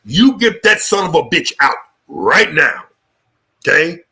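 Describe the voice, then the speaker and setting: A man's voice: a little high, sing-song, a little slow, pushed and bright. A man hosting a live talk show, delivering a fiery, profane political rant. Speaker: show host.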